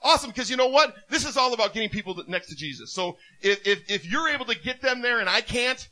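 High, bright-voiced male preacher. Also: fast. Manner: animated storytelling, laughs often. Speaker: minister. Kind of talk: sermon.

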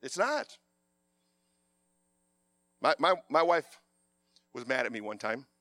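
Animated, bright-voiced male preacher. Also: mid-range voice, slow, no echo. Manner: animated, passionate, loud. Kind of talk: sermon.

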